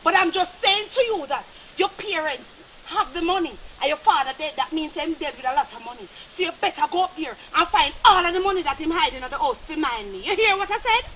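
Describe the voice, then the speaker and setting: A woman's voice: high voice, animated, fairly quick, sharp tone. A woman with a Jamaican accent playing a scheming girlfriend who nags and gives orders in patois. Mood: bossy. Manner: nagging, commanding, in patois. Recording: roomy, distant, faint noise.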